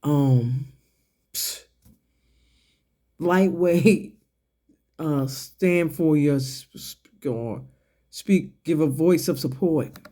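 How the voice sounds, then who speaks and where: His voice is a little high and warm as he rants to his audience as an online commentator. The tone is confrontational and profane, with slow, deliberate pointed questions that mock someone point by point.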